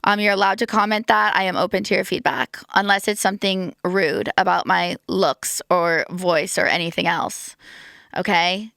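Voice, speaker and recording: An American woman hosts a podcast in a rambling, playful, self-deprecating comic monologue, her voice slightly giving out. Her pitch is fairly low and somewhat creaky yet a bit bright, with fairly even intonation at a normal speed. The studio-quality recording has no room sound.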